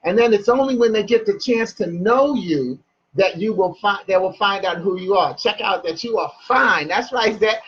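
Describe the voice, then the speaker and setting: A man's voice: sits high, moderate pace, breathy edge, muffled recording. A man giving a casual motivational talk to viewers, reading his own poem, with playful asides and repeated phrases. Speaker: motivational speaker and poet.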